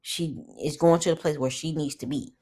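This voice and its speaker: A woman's voice: sits low, steady tone, normal speed, warm tone. A young woman recapping a reality show in blunt, profane, opinionated casual commentary.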